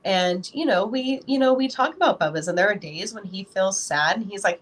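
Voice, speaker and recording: A woman's voice: medium pitch, lively intonation, moderate pace. A woman guest on a podcast, talking casually as a parent and filling her speech with lots of "you know". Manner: rambling, full of "you know" fillers. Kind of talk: casual interview talk.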